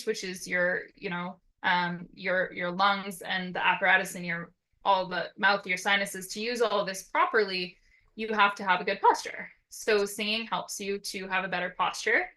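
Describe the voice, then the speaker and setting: A woman with a bright, forceful voice gives an educational talk as a therapist. Her intonation rises and falls freely as she explains step by step. She keeps checking in with her listeners with a quick "right?". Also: medium pitch, low-quality recording. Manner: lively up-and-down intonation. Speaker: occupational therapist.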